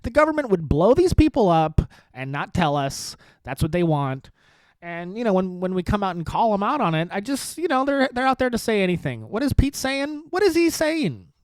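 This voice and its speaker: A man's voice: high-pitched, expressive, fairly quick, smooth, no echo. A man hosting a podcast, ranting in a rambling, sarcastic and profane way, full of rhetorical questions and repeated phrases. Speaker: podcast host. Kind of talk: casual political rant.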